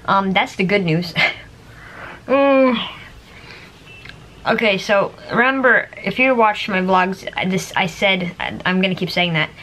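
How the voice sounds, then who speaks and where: A woman's voice: mid-range voice, a little slow, pauses often, fairly bright tone, a little hiss or hum. A woman vlogger chatting casually to camera, rambling with lots of fillers and little laughs.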